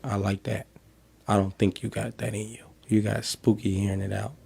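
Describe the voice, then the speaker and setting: A man doing a joking street interview, deadpan and riffing with acted-out voices. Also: lowish voice, normal speed, gravelly, breathy edge.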